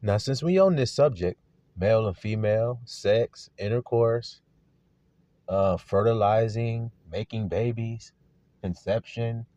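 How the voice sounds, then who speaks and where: A man's voice: lowish voice, measured pace, mellow, dry recording. A man preaching a sermon to his flock, asking pointed rhetorical questions in an earnest manner. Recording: dull lo-fi recording.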